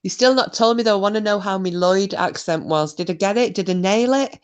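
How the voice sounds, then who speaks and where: A woman's voice: mid-range voice, a little fast, clear, resonant tone. Bawdy woman chatting on a livestream. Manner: cheeky, bawdy, lively banter. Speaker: live stream host reading chat. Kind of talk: casual chat.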